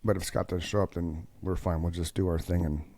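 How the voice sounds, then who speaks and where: Man, show host, husky voice, rambling, casual swearing, dry close sound. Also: deep voice, level tone, brisk, a little mellow, no room sound. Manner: rambling, swears, restarts often. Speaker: podcast host. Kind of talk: casual live chat.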